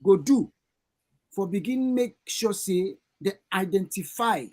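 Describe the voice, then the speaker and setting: A radio host with a Sierra Leonean Krio accent, asking halting questions full of hesitations. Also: mid-range voice, animated, warm tone. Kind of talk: radio interview.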